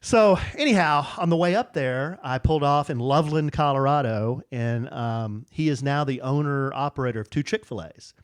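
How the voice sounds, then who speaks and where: A man's voice: medium pitch, moderate pace, hardly any pauses, smooth, dry recording, studio quality. A middle-aged man co-hosting a podcast, telling a long personal story in a rambling, casual way with fillers. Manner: rambling, restarts with fillers, animated when quoting friends. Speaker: podcast co-host.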